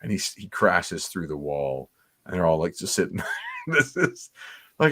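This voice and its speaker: Man, very low voice, dry close sound, casual rambling commentary, eager. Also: big pitch swings, normal speed, pushed and bright, no room sound. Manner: enthusiastic, rambling, nostalgic. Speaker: comics podcast co-host.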